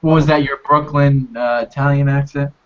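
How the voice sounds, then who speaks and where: A man's voice: medium pitch, steady tone, normal speed. Brief: easygoing, helpful man with a mid-range voice, muffled call audio. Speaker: Bible study participant. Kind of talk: casual group discussion.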